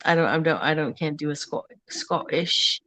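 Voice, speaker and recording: A woman's voice: sits low, moderate pace, sharp tone, poor audio. A woman joining a casual livestream discussion as a panel guest, rambling and searching for words mid-thought.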